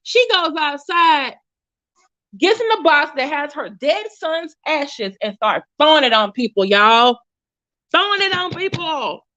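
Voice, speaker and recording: A woman's voice: high-pitched, expressive, a little slow, bright, forceful tone, dull audio. A woman giving casual, blunt commentary, chatty and often restarting her sentences. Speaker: commentary YouTuber.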